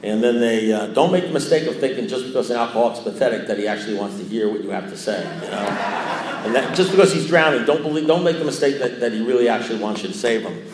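A man's voice: medium pitch, lively intonation, fast talker, a little hiss or hum. Older man telling a rambling story. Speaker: speaker at a recovery meeting. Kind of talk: personal recovery story told to a group. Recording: echoey room.

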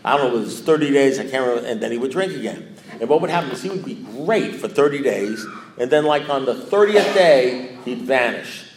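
A man's voice: medium pitch, expressive, a little fast, crowd noise. Man, storyteller at a recovery meeting, rambling and self-mocking, mid-range voice, roomy echo. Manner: repetitive, self-mocking, acts out quoted lines. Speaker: speaker sharing a recovery story. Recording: echoey room.

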